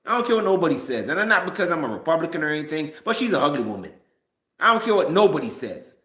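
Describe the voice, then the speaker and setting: A man's voice: a little high, big pitch swings, fast, sharp tone, roomy sound. A man giving a casual, rambling opinion rant to a live chat, stumbling and restarting often. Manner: rambling, frequent restarts and stammers. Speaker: live-stream commentator.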